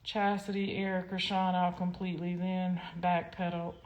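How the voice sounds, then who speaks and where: A woman ranting on a casual livestream, blunt and heated, swearing freely and swinging between loud outbursts and low mutters. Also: flat delivery, normal speed, dull audio.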